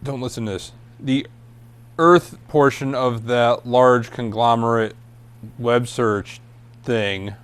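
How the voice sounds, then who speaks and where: A man at an everyday pitch with a close, dry, unreverberant sound. He co-hosts a casual comedy chat and keeps needling his co-host with dry, teasing jokes. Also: fairly even intonation, slow, long pauses, clear, resonant tone, dry recording.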